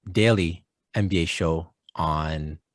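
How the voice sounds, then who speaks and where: Deep-voiced relaxed man co-host. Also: slow pace, no room sound, clean studio sound. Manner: relaxed, affirming, many fillers. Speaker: podcast co-host. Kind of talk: casual sports chat.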